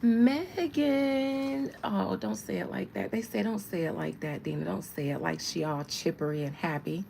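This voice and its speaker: A woman's voice: low-pitched, fairly even intonation, fairly quick, creaky, hardly any pauses, a little mellow, a little hiss or hum, poor audio. A woman in her thirties reading tarot on a casual livestream, chatting with viewers and laughing often. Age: 30s. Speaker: tarot reader.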